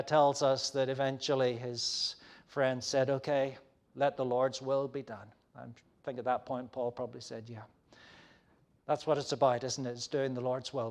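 Earnest, animated male preacher. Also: fairly high pitch. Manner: earnest, animated, acts out quoted voices. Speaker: pastor. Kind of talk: sermon.

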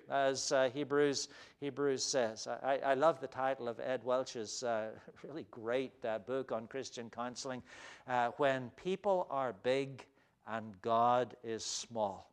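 A man preaching an evening sermon as pastor, measured and pausing often with "uh" fillers. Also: mid-range voice, steady tone, clean tone. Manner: measured delivery with frequent "uh" fillers.

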